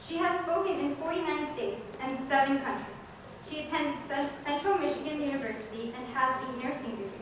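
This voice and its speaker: A woman's voice: high-pitched, a little fast. A woman serving as emcee, reading formal introductions and announcements carefully, sometimes stumbling on words. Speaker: student officer emcee. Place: large convention hall. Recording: echoey hall from far off, noisy.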